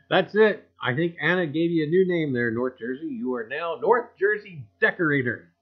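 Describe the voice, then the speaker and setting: A man's voice: a little high, breathy edge, lo-fi sound. A man hosting a casual livestream chat, reading viewer comments in a folksy way and chuckling often. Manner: folksy, chuckling, repeats "I tell you".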